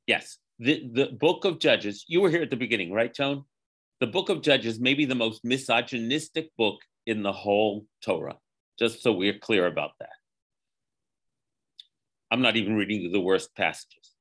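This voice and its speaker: A man, a rabbi, reading scripture aloud to a class and breaking off for wry asides, voicing the quoted speakers with lively emphasis. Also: lowish voice, moderate pace. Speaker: rabbi teaching a Torah class. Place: class with a live group.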